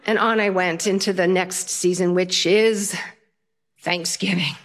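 An older woman storyteller, lively and self-mocking as she tells a funny personal story on stage. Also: fairly low pitch, a little slow.

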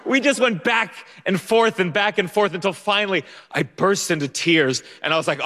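Animated young man telling a story on stage. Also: high-pitched, normal speed, hardly any pauses. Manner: animated, self-mocking, bursts into shouts. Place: theater stage. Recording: long hall reverb.

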